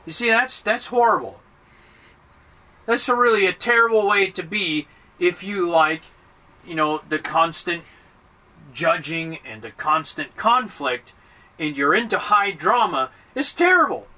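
High, bright-voiced male Buddhist teacher. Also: lively intonation, measured pace, recorded from a distance, low-quality recording. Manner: playful, acts out little dialogues with voices. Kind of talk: dharma talk.

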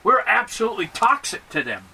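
A man's voice: sits high, sing-song, fairly quick, creaky, bright, forceful tone, breathy edge, recorded from a distance, rough recording. A man giving a playful dharma talk as a Buddhist teacher, acting out little dialogues to make his points.

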